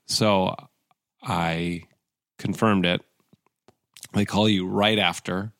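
A man with a fairly low, gravelly voice tells an animated story in casual conversation. He rambles through restarts and asides, and he slips into voices for the people in his tale. The sound is close and dry. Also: slow, no echo. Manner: animated, acts out quoted voices. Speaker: actor and guest.

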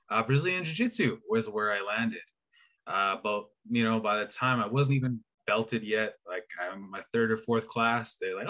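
A man who is a podcast guest, telling a personal story in a relaxed way, with many pauses and dry humor. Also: on the low side. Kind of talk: casual storytelling.

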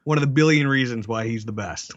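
A man in laid-back podcast chat, joking and rambling through wrestling memories with plenty of fillers. His voice sits at a mid pitch and comes through a slightly dull, lo-fi mic. The sound is dry, with no room echo. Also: fast talker. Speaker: podcast co-host. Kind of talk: casual chat.

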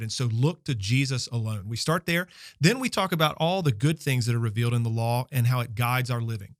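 A man co-hosting a podcast, explaining his point in an earnest, teaching tone with deliberate pauses. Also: medium pitch, no echo, clean studio sound. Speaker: podcast co-host. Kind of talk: casual theological discussion.

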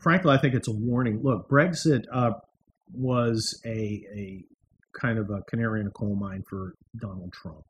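A man's voice: lowish voice, normal speed, slight background noise. A middle-aged man hosting a podcast from a room in his house, talking in a wry, sarcastic monologue with mocking asides. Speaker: podcast host. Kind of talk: casual political monologue.

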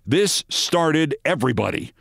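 A man's voice: fairly high pitch, very animated, unhurried, gravelly, breathy edge, dry recording, studio quality. Man reading a story dramatically. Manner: vivid storytelling, loudly acting out shouted cries.

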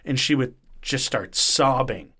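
A man hosts a podcast in a casual, animated way. He swears often and throws himself into quotes with shifting voices. His pitch sits at an ordinary middle for a man. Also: measured pace. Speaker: podcast host. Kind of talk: casual storytelling chat.

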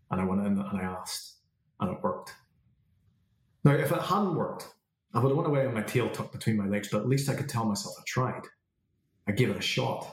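A man's voice: on the low side, slight background noise. A man, a confidence coach telling a personal story and acting out the dialogue in it. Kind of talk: storytelling monologue. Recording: roomy echo.

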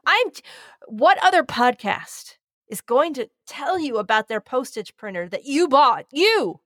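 A woman's voice: high voice, very animated, unhurried, fairly bright tone, dry recording, clean studio sound. Effusive rambling woman podcast host. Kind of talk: casual podcast chat.

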